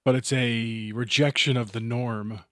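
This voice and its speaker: A man's voice: medium pitch, fairly even intonation, measured pace, a bit bright, no echo, studio quality. A man co-hosting a podcast, talking in a goofy, playful, casual way. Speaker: podcast co-host. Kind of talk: casual chat.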